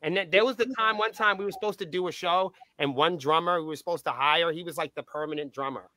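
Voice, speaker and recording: Man in his own voice, a raised-pitch, bright storyteller with a foul mouth, recorded close and dry; acts out every exchange. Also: fast, no echo. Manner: profane, animated storyteller acting out dialogue. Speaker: band's point of contact. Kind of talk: casual anecdote-telling in a podcast interview.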